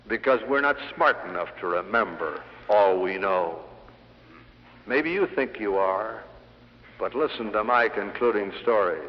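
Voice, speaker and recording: A middle-aged man giving an after-dinner sales speech to a hall audience, telling anecdotes with punchy, dry humor. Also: fairly low pitch. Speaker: sales lecturer. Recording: dull 1960 LP of a hall speech.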